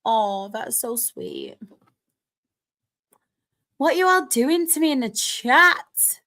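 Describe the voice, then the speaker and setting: A young Northern English woman hosting a live stream, chatting casually and reading out comments, excitable with quick laughs. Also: sits high.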